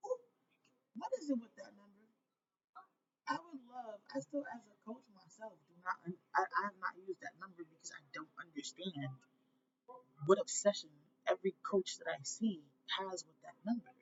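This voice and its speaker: A woman's voice: medium pitch, lively intonation, moderate pace. A woman life coach in a casual vlog, talking bluntly and directly to her audience and swearing freely. The audio is slightly dull and lo-fi. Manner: blunt and chatty, swears freely, talks straight to viewers.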